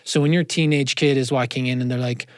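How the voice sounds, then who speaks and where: A man, a counselor, talking in a casual interview, animated and quick with asides, in a studio. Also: medium pitch, clean tone, dry recording. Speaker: counselor, podcast guest. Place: radio studio.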